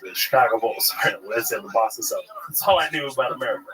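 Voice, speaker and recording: A man from Kuwait tells his life story in a relaxed interview, a stand-up comedian with an animated, profane way of talking. His voice sits at an ordinary middle pitch. A crowd can be heard in the background. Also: fast talker, low-quality recording. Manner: animated storyteller, jumps high when acting out his younger self. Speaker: guest comedian.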